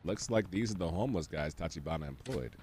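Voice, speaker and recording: Male game streamer, lowish voice, casual running commentary, dry sarcastic humor that spikes into excited yelps, faint hiss behind. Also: fast talker. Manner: wry, sarcastic asides with sudden excited outbursts.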